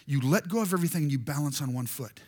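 Preacher guy telling stories, high bright voice, swings up and down a lot. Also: racing. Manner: animated, jokey storyteller, acts out voices. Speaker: pastor. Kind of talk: storytelling sermon.

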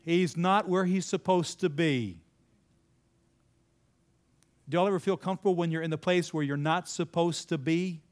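Speaking at a normal speed with frequent pauses, a man with a fairly high-pitched voice addresses a live audience. He gives a conversational, sermon-style talk, asking questions, repeating what people answer, and making sudden emphatic lifts.

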